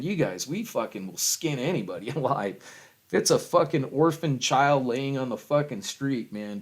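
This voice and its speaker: A middle-aged man in a rambling, heavily profane rant to camera, with loud swings and frequent chuckles. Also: mid-range voice. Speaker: vlogger.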